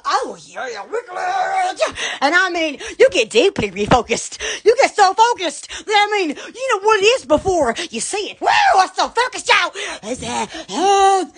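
Shrieking, excitable woman. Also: very high voice, normal speed, hardly any pauses. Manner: loud, silly, shrieking with laughter. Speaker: online shop seller on a livestream. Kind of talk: excitable livestream product chat.

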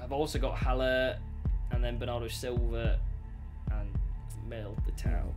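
A man's voice: mid-range voice, steady tone, measured pace, over music. A young man ranting in frustration while playing a football video game with a friend. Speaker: guest player. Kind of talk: casual gameplay chat.

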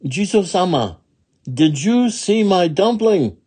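A man's voice: sits high, sing-song, takes it slowly, dark tone, husky, pitched above the performer's own voice, heavily acted. A man voicing a cheerful, giggly little old woman in a children's storybook, calling out shrilly. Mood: anxious calling.

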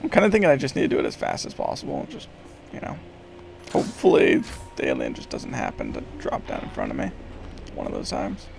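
A man streaming a horror game, swearing and talking excitedly to himself and the game. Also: mid-range voice, fast, vocal fry, slight background noise. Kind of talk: live gameplay commentary.

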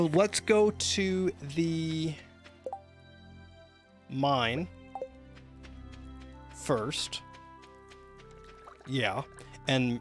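A man with a Canadian accent streaming a game live, rambling and chatting with viewers through lots of fillers and restarts. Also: mid-range voice. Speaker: gaming livestreamer.

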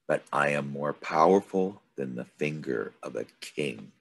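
A man's voice: very deep voice, expressive, measured pace, gravelly, a bit bright, slightly rough, full character voice. A man doing a cryptic, ominous snake. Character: mysterious golden desert snake, ominous, speaks in riddles.

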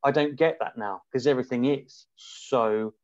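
A man talking as a podcast guest in casual conversation, reflective and halting, often restarting his sentences. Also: medium pitch, a little mellow, dry recording. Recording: muffled dry remote audio.

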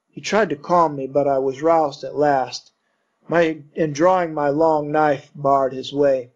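A man's voice: a little high, steady tone, measured pace, darkish tone. Man reading an audiobook, muffled sound. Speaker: narrator. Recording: dull lo-fi recording.

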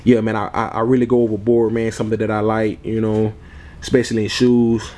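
A man's voice: on the low side, little pitch movement, a little fast, dark tone. Laid-back man chatting about sneakers. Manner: laid-back, repeats "man" and "you all" a lot; chuckles often. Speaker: sneaker vlogger. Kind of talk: casual chat.

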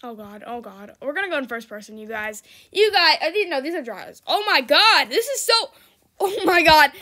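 A woman's voice: high voice, very animated, normal speed, bright, forceful tone. A young woman giving casual, giggly commentary on her gameplay, laughing often and shrieking for help. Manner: giggly, exclaims and shrieks, reads chat aloud. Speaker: gaming YouTuber.

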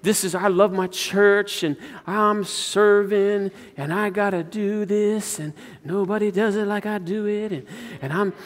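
A man's voice: sits high, steady tone, unhurried, few pauses. A man voicing a pleading, self-righteous male churchgoer who whines and repeats himself. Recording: long church reverb.

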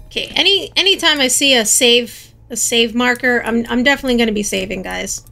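High, gravelly-voiced woman gaming host. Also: fairly quick, pushed and bright, soft background music. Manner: chatty, easily startled, jokey asides. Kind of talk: casual gameplay commentary.

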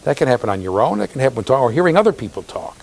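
A man's voice: medium pitch, rapid-fire, vocal fry. A man giving a classroom lecture in a conversational way, telling stories, checking in with students and acting out the voices of people he quotes. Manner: animated storyteller, acts out quoted voices. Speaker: university lecturer.

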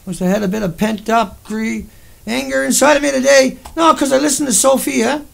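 A man with a Newfoundland accent hosts a livestream, ranting angrily in a heated, rambling, profane way. His voice is extremely high-pitched yet steady in tone, creaky, at normal speed.

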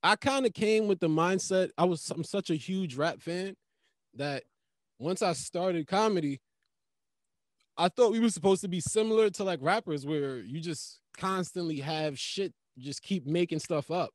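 A man's voice: high voice, moderate pace, no room sound, studio quality. A male stand-up comedian talking casually on a podcast, loose and profane, acting out bits as he tells stories. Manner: loose, profane, animated storytelling.

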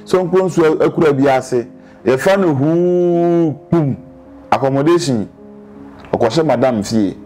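A man's voice: fairly high pitch, unhurried, warm tone, soft background music. A man from Ghana with a Ghanaian accent, talking casually as an interview guest in Dubai and switching between English and Twi with lots of restarts.

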